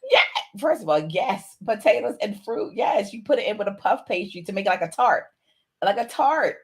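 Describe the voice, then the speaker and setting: A woman's voice: mid-range voice, lively intonation, moderate pace. A woman co-hosting a casual talk show, enthusiastic and persuasive, laughing often as she talks. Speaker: co-host. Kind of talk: casual chat.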